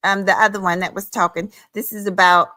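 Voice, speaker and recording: Fired-up woman going off on her live stream, loud bright voice, cussing, calling folks honey, dry close mic. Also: medium pitch, little pitch movement, brisk, dry recording. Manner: profane, sassy, scolding; emphatic, with frequent "honey" and "child". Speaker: livestream host. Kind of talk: heated livestream rant.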